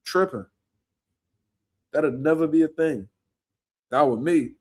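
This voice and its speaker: Young philly dude, boxer, cussing and storytelling, voice sits a bit high. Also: male voice, takes it slowly. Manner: animated, profane street slang storytelling. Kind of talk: casual podcast chat.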